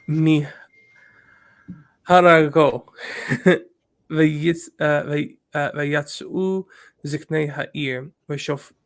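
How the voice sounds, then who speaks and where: A male student in a live online class, reading a passage aloud slowly and with frequent stumbles. His voice is gravelly and pitched slightly above the usual male range, and he takes his time over every word. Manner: halting, stumbles and restarts while reading.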